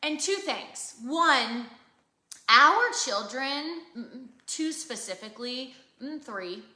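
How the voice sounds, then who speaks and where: A woman's voice: sits high, lively intonation, slow, sharp tone. A woman in her thirties co-hosting a live faith chat, talking earnestly and emphatically like a preacher. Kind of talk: casual live conversation. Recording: roomy echo.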